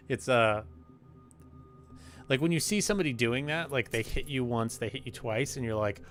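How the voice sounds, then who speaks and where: A man's voice: mid-range voice, moderate pace, pauses often, fairly bright tone. Rambling man streaming a shooter game. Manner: rambling, filler-heavy chatter. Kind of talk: casual gameplay commentary. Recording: game music behind the voice.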